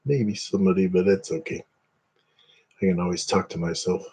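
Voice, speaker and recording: A man chats casually with his livestream viewers, wandering from topic to topic. His voice sits on the low side with a soft, mellow tone. He jokes easily and often at his own expense. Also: little pitch movement, normal speed, husky. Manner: rambling, self-deprecating joking. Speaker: livestream host. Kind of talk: casual chat with live viewers.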